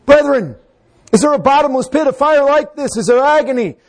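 A man preaching a fervent sermon, swinging between loud exhortation and low, hushed passages. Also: a little fast.

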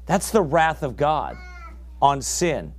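A man preaching a sermon with real fire behind it. His voice sits somewhat high for a man and climbs into shouts when he drives a point home. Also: sing-song, slow. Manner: fiery, rising to shouts.

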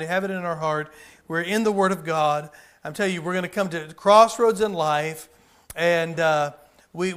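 A man's voice: on the high side, fairly bright tone, smooth. A man preaching a sermon in a folksy way, repeating phrases and using many fillers. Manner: calls people up for a live demonstration.

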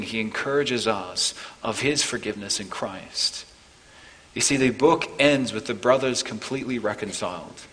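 A man preaching a sermon as pastor, earnest, building to emphatic peaks and then softening. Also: medium pitch, big-room sound, low-quality recording. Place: church.

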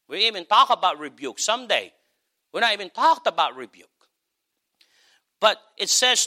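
A man preaching a sermon as pastor, passionate, swelling to high cries and then dropping low. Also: big pitch swings, moderate pace, bright, forceful tone.

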